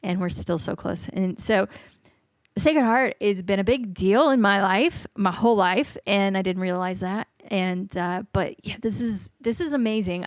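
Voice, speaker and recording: A woman's voice: mid-range voice, normal speed, no room sound. A woman in her forties hosting a faith podcast, telling a personal testimony in an earnest, emotional way that often sinks to a near whisper. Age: 40s. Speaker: podcast host.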